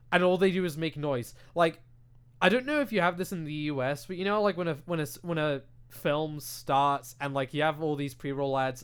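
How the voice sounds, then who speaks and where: High-voiced British man ranting. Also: smooth. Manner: animated, ranting, heavy swearing and filler words. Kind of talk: casual chat. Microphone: desk microphone.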